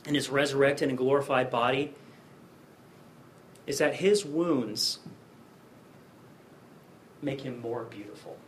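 A man's voice: fairly high pitch, a little hiss or hum. A man preaching a sermon in a conversational way, often checking in with his listeners with rhetorical questions. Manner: conversational, frequent rhetorical "right?" tags.

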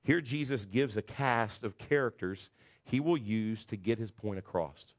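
A man's voice: on the low side, a little slow. A man preaching an expository sermon, earnest, with frequent restarts as he walks through the verses. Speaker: pastor.

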